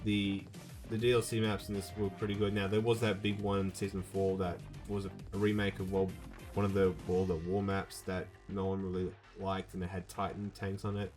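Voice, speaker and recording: A man's voice: deep voice, little pitch movement, fairly quick, a little mellow, faint music behind. A young man hosting a casual gaming video, rambling with many fillers and restarts.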